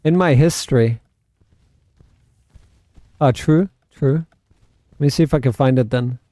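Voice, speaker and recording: A man's voice: medium pitch, unhurried, warm tone, no echo, clean studio sound. A South African man hosting a casual game livestream, rambling and answering his chat. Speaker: livestream host and gamer.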